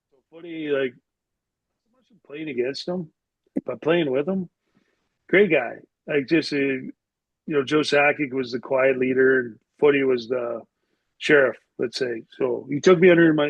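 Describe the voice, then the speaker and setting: A man's voice: medium pitch, dry recording, muffled recording. A middle-aged man telling stories as a podcast guest, rambling and swearing casually with lots of "like". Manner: rambling, profane, heavy use of "like". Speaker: podcast guest, former hockey player. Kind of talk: casual storytelling interview.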